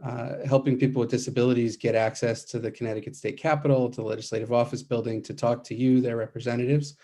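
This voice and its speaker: A man, a nonprofit policy advocate, giving formal testimony, measured, with frequent hesitations. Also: medium pitch, flat delivery, mellow. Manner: measured, many uh fillers.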